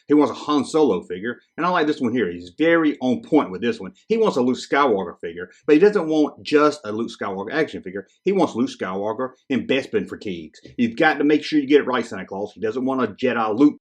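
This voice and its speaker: Husky-voiced guy reading kids' letters to santa, lively ups and downs, cracking jokes. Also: mid-range voice. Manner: joking, animated, teasing asides. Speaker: podcast host. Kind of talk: casual chat, reading kids' letters aloud.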